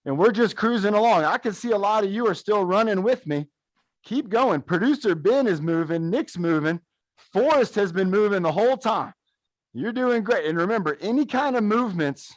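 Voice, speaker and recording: A man coaching viewers through a gentle follow-along workout while narrating footage of a race, upbeat and encouraging. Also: a little high, dry recording. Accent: American. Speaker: fitness coach.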